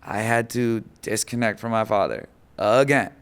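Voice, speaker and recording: A man guest on a podcast, telling an emotional personal story in an animated way, full of fillers, acting out quoted voices. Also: on the low side, moderate pace, creaky, clear, resonant tone.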